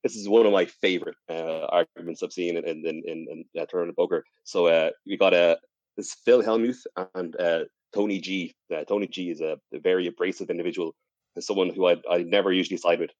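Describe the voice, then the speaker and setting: A man's voice: low voice, steady tone, fairly quick, a little mellow, dry recording, highs cut off. A man hosting a casual podcast chat, telling stories in a rambling way with many fillers and restarts. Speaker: podcast host.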